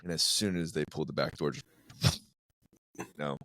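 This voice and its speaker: A man with a very deep voice hosts a podcast and talks casually about police work. His speech is relaxed and unhurried, and it sounds dry and close to the mic with almost no room echo. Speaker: podcast host, police officer. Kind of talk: casual interview chat.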